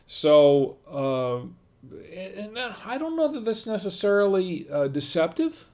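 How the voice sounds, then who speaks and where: A man's voice: high-pitched, big pitch swings, a little slow, a little mellow. A man hosting a wine tasting livestream, talking casually and thinking aloud as he reads viewer comments. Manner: rambling and conversational, thinking aloud.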